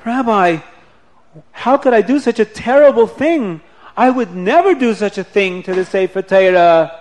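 Brief: man doing an anxious young man, high-pitched, asking nervous questions. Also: animated, moderate pace. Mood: distressed. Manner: questioning, rising into alarm.

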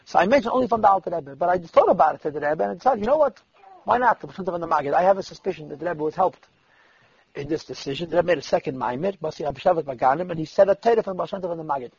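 Gravelly, husky high-voiced male storyteller. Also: very fast, no echo. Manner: lively storyteller who voices the people he quotes. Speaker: storyteller at a religious gathering. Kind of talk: sermon-like storytelling. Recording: dull lo-fi dry recording.

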